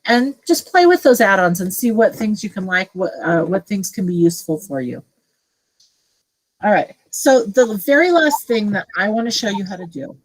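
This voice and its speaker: A middle-aged woman teacher casually walking colleagues through a software tutorial, thinking aloud as she clicks. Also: medium pitch, sing-song, moderate pace, low-quality recording. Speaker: teacher leading a tech training session. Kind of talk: screen-share tutorial for colleagues.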